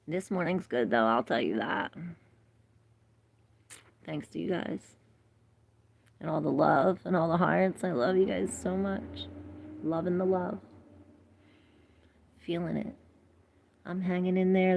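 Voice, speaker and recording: Slow, gravelly-voiced woman host. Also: fairly low pitch, darkish tone, no echo. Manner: rambling, laughs often, reacts to chat comments. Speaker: tarot livestream host. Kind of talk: casual livestream chat.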